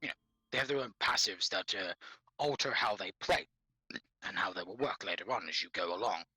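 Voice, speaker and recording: Husky, forceful man with an accent. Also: low-pitched, brisk, no room sound, poor audio. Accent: non-native English accent. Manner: laughs often, swears freely, animated. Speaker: podcast co-host. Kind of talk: casual gaming chat.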